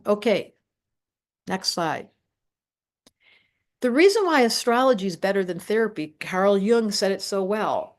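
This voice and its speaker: Speaking at a moderate pace with a medium-pitched voice, an older woman hosts an astrology class streamed live online. Her delivery is animated and forceful, aimed squarely at those watching.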